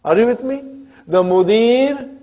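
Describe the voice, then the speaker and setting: High-voiced man teaching a grammar class. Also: lively intonation, measured pace, mellow, highs cut off. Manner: checks in often with "huh?" and "brothers and sisters". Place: community centre classroom.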